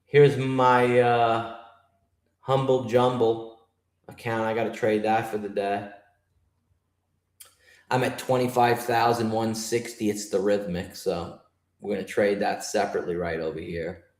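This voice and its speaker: A man's voice: on the low side, little pitch movement, measured pace, pauses often, reverberant. A man from New York hosting a live trading stream, griping and swearing as he talks to his chat. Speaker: livestream trader host.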